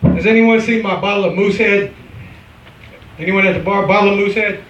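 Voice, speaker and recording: A man's voice: high voice, a little fast, fairly bright tone, slight background noise. A man from the Midwest doing an open mic stand-up set in a bar with a brash, punchline-driven delivery. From American Midwest. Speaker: stand-up comedian. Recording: echoey bar from far off.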